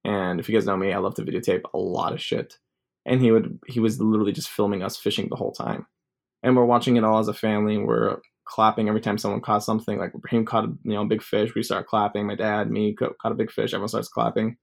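A man's voice: lowish voice, little pitch movement, fast talker, creaky. Rambling young man telling a story. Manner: rambling, full of "like" fillers. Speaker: vlogger. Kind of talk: casual storytelling.

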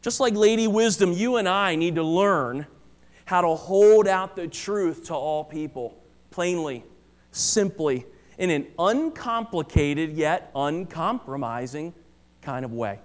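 A male pastor preaches with a high, ringing voice, driving home each point with urgency. He repeats key phrases for weight and often calls his listeners family. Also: expressive, slow. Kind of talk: sermon. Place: church.

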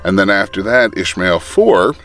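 A man's voice: low voice, animated, a bit bright, soft background music. A man talking casually on a podcast about the audio productions he has coming up, stopping often with fillers and restarts. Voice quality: halting, many fillers and restarts.

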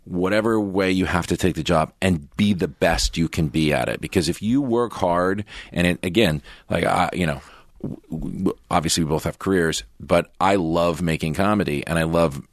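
A man with a very deep voice chats earnestly with a guest. He often restarts and repeats words as he works out a question, and the sound is dry and close. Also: normal speed, no room sound. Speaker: podcast interviewer. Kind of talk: casual interview chat.

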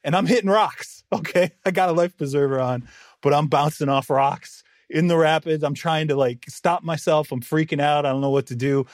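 A man co-hosting a sports podcast, telling a story in lively casual chat and laughing often. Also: on the high side, normal speed, no echo, clean studio sound. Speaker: podcast co-host, NFL writer.

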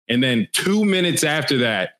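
A man's voice: medium pitch, big pitch swings, moderate pace, a bit bright. A man hosting a casual sports podcast in a brash way, with swearing and laughs. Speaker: podcast host.

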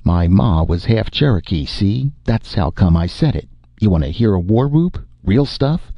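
Casting: a man playing a giddy, slurring drunk spacer, raised pitch, gravelly and husky. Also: lively intonation, moderate pace, dry recording. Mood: boasting. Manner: loud, rambling, giddy. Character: drunk, boisterous male spacer just back to Earth.

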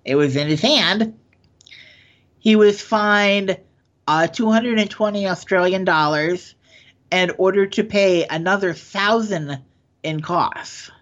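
A man's voice: sits high, slow, fairly bright tone. A man co-hosting a podcast who reads news stories in a casual chat and often stumbles and corrects himself. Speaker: podcast co-host. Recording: dull lo-fi sound.

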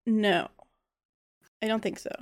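A woman hosting a podcast in casual chat, chatty and quick to laugh, often trailing off and restarting her sentences. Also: mid-range voice, steady tone, dry recording, studio quality. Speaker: podcast host.

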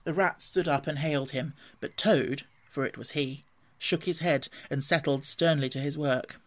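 A reader narrating a classic storybook in a measured, even way. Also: mid-range voice. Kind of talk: storybook reading.

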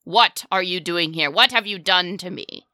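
Cast: woman doing a commanding drow matron, outraged and haughty, low and bright, dry close sound. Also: normal speed, dry recording. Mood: imperious. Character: furious ancient drow matron mother, imperious.

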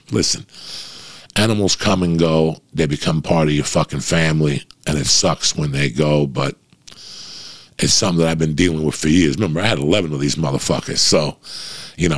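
A man's voice: a bass voice, creaky. A middle-aged man talking casually to his listeners in a blunt, profane, rambling monologue.

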